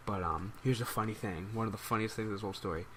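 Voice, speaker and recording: A man's voice: on the low side, very fast, a bit bright, a little hiss or hum. Rambling New guy telling a story. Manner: rambling, amused. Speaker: gaming YouTuber. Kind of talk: casual storytelling commentary.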